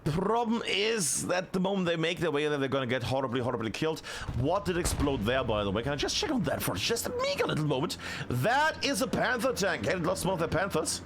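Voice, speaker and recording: A man casting a tactical shooter match solo, chatty and excitable, shouting on big plays. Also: on the high side, a little fast, a little hiss or hum. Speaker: esports caster. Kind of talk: solo play-by-play commentary.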